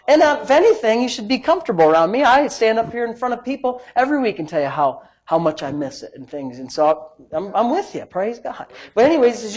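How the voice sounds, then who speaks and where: A man pastor preaching a sermon in an emphatic, exclamatory way. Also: high voice.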